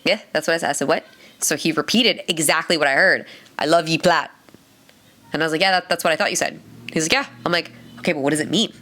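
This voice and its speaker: A woman's voice: low voice, very fast, sharp tone. A woman co-hosting a podcast in casual chat, telling stories and acting out other people's lines with frequent laughter. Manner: chatty storyteller, acts out quoted dialogue. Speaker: podcast co-host.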